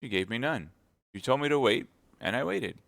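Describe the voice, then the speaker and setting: A man's voice: medium pitch, lively intonation, normal speed, gravelly, fairly bright tone, no echo, voice pushed up. A nervous, servile mercer, as a man reading aloud puts him on, speaks in a voice raised well above the reader's own. He is meek and eager to please. The delivery is close and dry. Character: timid fawning male mercer, nervous.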